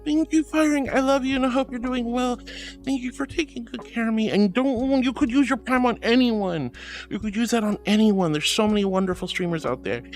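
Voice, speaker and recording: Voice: medium pitch, a little fast, soft background music. A streamer in casual live-stream chat, thanking viewers and calling them sweetie and honey, laughing often.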